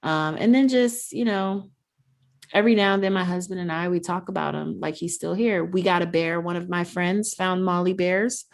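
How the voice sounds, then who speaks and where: A woman's voice: fairly low pitch, steady tone, moderate pace, gravelly. A woman sharing her experience as a parent in a podcast conversation, earnest and reflective. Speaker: guest, NICU parent.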